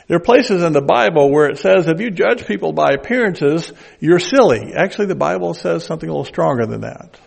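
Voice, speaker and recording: A man's voice: on the high side, lively intonation, fairly quick, vocal fry, hardly any pauses, breathy edge. An older man with a Southern accent preaching a conversational sermon with folksy asides.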